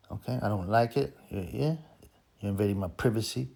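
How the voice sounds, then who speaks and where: A man's voice: lowish voice, fairly quick, creaky, warm tone. A man ranting bluntly through a story on his vlog, repeating himself indignantly. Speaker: vlogger.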